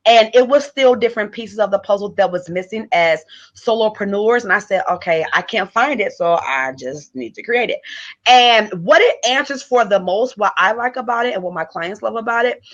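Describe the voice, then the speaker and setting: A woman hosting a live stream as a business coach, pitching her system in a quick, eager, salesy way. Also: expressive. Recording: dull lo-fi stream audio.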